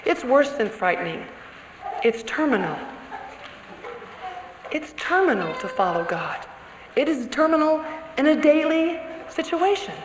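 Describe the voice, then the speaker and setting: A woman preaching a sermon to other women, animated and storytelling, sometimes acting out an accusing inner voice. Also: a little high. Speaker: women's conference speaker. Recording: echoey hall with faint room noise.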